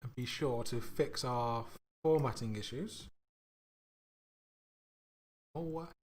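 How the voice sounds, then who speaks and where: A man talking his way through a live coding session at an unhurried, drawn-out pace. He speaks in halting bits, restarts often and chuckles at himself. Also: mid-range voice, a little mellow, slight background noise. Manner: slow, halting, self-mocking, laughs at himself. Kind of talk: casual thinking aloud while coding.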